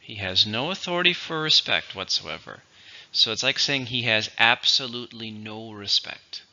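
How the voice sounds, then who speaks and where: A man teaching English vocabulary, explaining words slowly and clearly in a teacherly way. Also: lowish voice, expressive, bright, forceful tone, lo-fi sound. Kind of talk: vocabulary lesson.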